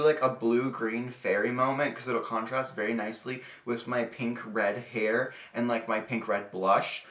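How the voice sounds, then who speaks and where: A man's voice: medium pitch, sharp tone. A young man chatting casually through a makeup tutorial in a sassy, profane, chatty way. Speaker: beauty vlogger. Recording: echoey room.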